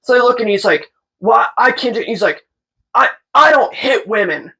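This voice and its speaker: Here a young tattoo artist's voice sits on the high side with a breathy edge, moving at normal speed over a rough recording. She tells her story casually and animatedly, swearing freely and doing impressions of the people involved.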